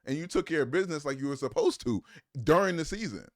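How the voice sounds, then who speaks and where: A man's voice: fairly high pitch, animated, quick pace. A man streaming live, reacting to a clip with profane, mocking, incredulous commentary.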